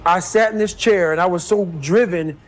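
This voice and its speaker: A man's voice: high-pitched, normal speed, faint music behind. A man giving an intense, blunt motivational speech in an emphatic manner. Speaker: motivational speaker.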